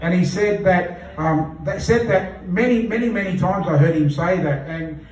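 Pastor preaching, high voice, echoey hall. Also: male voice, darkish tone. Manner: earnest, repeats phrases for emphasis, slows to read scripture. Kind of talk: sermon. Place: church hall. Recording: echoey church hall from far off.

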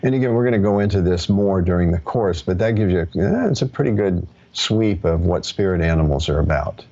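A man teaching in a live question-and-answer session, relaxed and reassuring, with many fillers. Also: deep voice, a little fast. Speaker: teacher of ancestral practice. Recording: dull lo-fi audio.

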